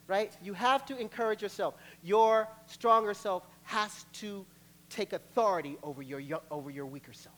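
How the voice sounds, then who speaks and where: A man preaching a sermon as pastor, lively and playful, acting out little quotes and laughing along the way. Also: sits high, moderate pace. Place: church sanctuary.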